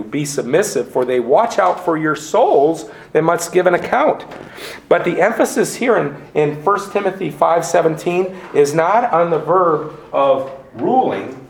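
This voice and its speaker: Male preacher, emphatic expository style, slightly raised pitch, echoey church room. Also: vocal fry. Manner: deliberate, emphatic, lists synonyms slowly. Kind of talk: expository sermon. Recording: roomy echo.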